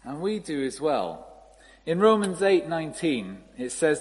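A man preaching a sermon in a relaxed, conversational storytelling manner. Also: on the high side, measured pace. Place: church. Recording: reverberant hall, faint ambience.

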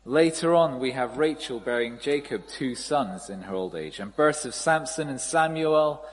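A man preaching a sermon in a relaxed, conversational storytelling manner. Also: medium pitch, moderate pace. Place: church. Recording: reverberant hall, faint ambience.

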